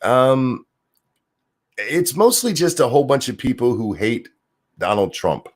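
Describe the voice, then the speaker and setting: A man's voice: mid-range voice, sing-song, unhurried. A man hosting a stream, ranting sarcastically and profanely as he reacts to viewer comments. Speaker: streamer host.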